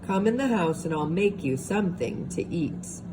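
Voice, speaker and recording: A woman reading as a kind father in a gentle, reassuring voice. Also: fairly low pitch, moderate pace, natural voice. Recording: steady background hiss.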